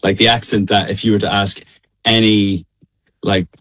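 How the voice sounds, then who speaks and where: A young man with a low voice and a midlands Irish accent, talking on a call. He laughs a lot and hesitates, filling gaps with "um" and "like" as he chats easily about his tour. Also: flat delivery, normal speed, fairly bright tone, low-quality recording. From Ireland. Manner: laughing, hesitant, many fillers. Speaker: singer, interview guest. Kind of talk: casual interview chat. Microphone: remote call.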